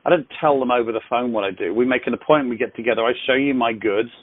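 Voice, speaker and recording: A man's voice: medium pitch, very fast, no room sound. A man leading a sales accountability call on a headset, coaching with effusive praise and frequent restarts. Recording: tinny phone line, dry.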